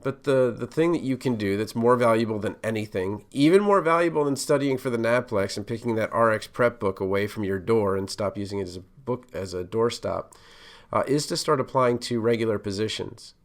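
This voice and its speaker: A middle-aged pharmacist hosts a solo podcast, giving career advice casually with many fillers and restarts. His voice is lowish, and he speaks a little fast.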